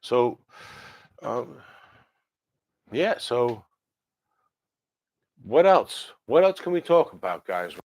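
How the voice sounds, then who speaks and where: A man's voice: medium pitch, very animated, drawn-out words, long pauses, dry recording. Brief: man, rambling livestream host, dry close mic. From New Jersey. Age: 50s. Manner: rambling and chatty, with many fillers and self-corrections. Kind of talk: casual livestream chat answering viewer comments.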